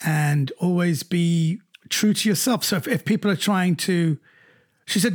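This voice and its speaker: A middle-aged man, a comedian, recounting anecdotes in an animated way during an interview. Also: measured pace. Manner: animated anecdotes, jumps higher when quoting others. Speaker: comedian guest. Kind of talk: storytelling in an interview.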